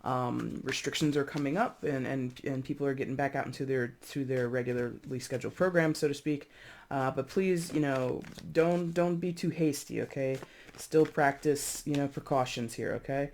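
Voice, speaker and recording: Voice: mid-range voice, darkish tone, slight background noise. A tarot reader giving a casual reading to camera, chatty and rambling, often repeating and correcting themselves, with giggly asides.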